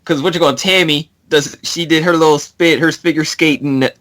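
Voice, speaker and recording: A man's voice: a little high, steady tone, normal speed, a bit bright. A man in casual podcast chat, recapping movie scenes and laughing along. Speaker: podcast co-host.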